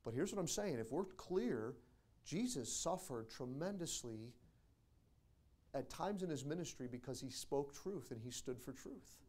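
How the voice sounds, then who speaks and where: A man preaching a sermon as pastor of a church, quoting scripture and building to loud, emphatic peaks. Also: medium pitch, animated, a little slow. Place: church sanctuary.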